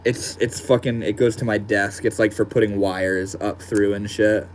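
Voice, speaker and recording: A man live streams from his home desk, chatting casually and reading viewer comments aloud in a laid-back, slangy style, calling people bro and dude. His voice is fairly low and flat at a moderate pace, with slight background noise.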